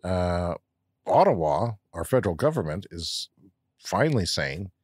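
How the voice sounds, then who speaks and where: A man's voice: deep voice, big pitch swings, a little slow, darkish tone, slightly rough, no echo, studio quality. A Canadian man co-hosting a podcast, reading news and letters in a wry, joking manner. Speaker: podcast co-host. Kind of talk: casual podcast chat.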